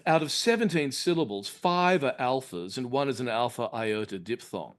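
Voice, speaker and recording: Male university lecturer, articulate and measured, mid-range voice, lecture-room delivery. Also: medium pitch, animated. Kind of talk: academic lecture.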